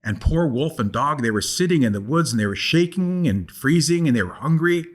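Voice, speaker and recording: A man's voice: on the high side, lively intonation, a little fast. An older man, a guest storyteller, telling a folk tale aloud in a rhythmic, repeating cadence. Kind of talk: oral storytelling.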